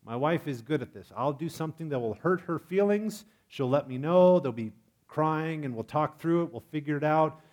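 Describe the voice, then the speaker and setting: A man preaching a sermon in a lively, humorous way, asking his congregation questions. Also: on the high side, normal speed. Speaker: pastor.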